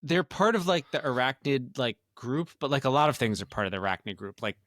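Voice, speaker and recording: A man's voice: medium pitch, lively intonation, fairly quick, a bit bright, dry recording, studio quality. A man co-hosting a casual podcast, rambling with lots of filler words and casual swearing. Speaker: podcast co-host. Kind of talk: casual chat.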